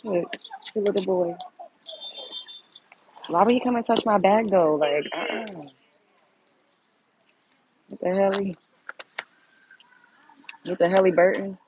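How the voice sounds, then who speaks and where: A woman's voice: mid-range voice, slow, pauses often, highs cut off, noisy background. A woman hosting a live stream, chatting casually and exclaiming straight to her viewers. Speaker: livestream host.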